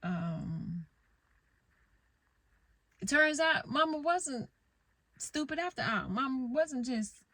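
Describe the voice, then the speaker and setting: A woman's voice: high-pitched, lively intonation, slow, pauses often, sharp tone, no echo. Blunt, rambling middle-aged woman in a car. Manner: rambling, blunt, swears freely. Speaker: vlogger. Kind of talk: casual candid storytelling. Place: parked car.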